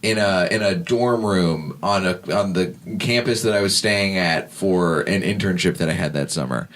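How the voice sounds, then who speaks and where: A man's voice: sits low, moderate pace, a bit bright. A man who is a guest on a casual podcast chat, complaining with wry sarcasm.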